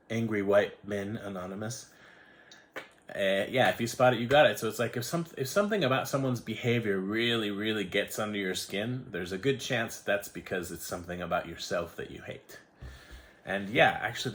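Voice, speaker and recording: Speaking at a normal speed in a lowish, fairly bright voice, a forties-aged American vlogger spins a rambling story. He keeps interrupting himself and imitates the people he's quoting.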